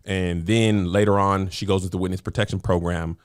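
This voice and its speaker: Brief: podcast co-host, male, lower register, animated storyteller who acts out lines. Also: fairly quick. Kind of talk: casual chat.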